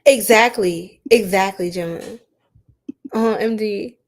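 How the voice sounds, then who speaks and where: A woman's voice: fairly high pitch, normal speed. Chatty woman tarot reader on a live stream. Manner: chatty and animated, says "like" often, reads chat aloud.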